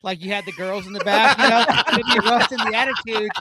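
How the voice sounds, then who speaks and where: A man's voice: sits high, quick pace, very noisy. A man in casual podcast chat, telling stories with a laugh and acting out what other people said. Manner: laughing storyteller who acts out other people's lines.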